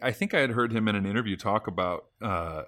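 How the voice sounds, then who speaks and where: Animated storytelling man from California. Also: fairly low pitch, fast. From Sacramento, California. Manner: animated storyteller, frequent restarts, does voices. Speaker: actor and musician guest. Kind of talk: casual podcast interview.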